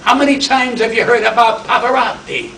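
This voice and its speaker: A man's voice: very high voice, brisk, creaky, bright, forceful tone, far from the mic, a little hiss or hum. A man, giving a brash, punchy stand-up acceptance speech full of wisecracks, in a banquet hall. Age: 80s. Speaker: award honoree and comedian. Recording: echoey hall, voice from off mic.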